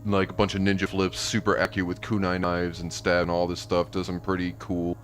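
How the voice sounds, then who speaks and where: A man's voice: deep voice, fairly quick. A man chatting casually and retelling a show scene with lots of swearing and energy. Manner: animated storyteller, acting out characters, swearing. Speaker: podcast co-host.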